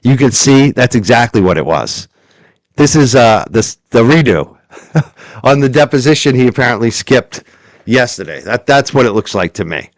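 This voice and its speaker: A man's voice: mid-range voice, lively intonation, normal speed, no room sound, studio quality. A man hosting a heated commentary stream, taunting and swearing and hammering rhetorical questions. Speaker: show host.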